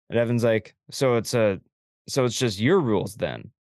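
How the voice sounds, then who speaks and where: A man's voice: medium pitch, animated, unhurried, a little mellow, no room sound, clean studio sound. A young man co-hosting a podcast, telling stories in casual chat, acting out quoted dialogue and swearing freely. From Canada. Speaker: podcast co-host.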